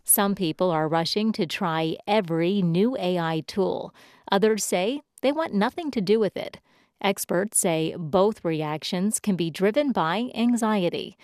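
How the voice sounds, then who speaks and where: A woman at mid pitch reads a radio news report clearly and evenly. The studio sound is dry and close. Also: a little slow, a little mellow, no room sound. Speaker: news correspondent.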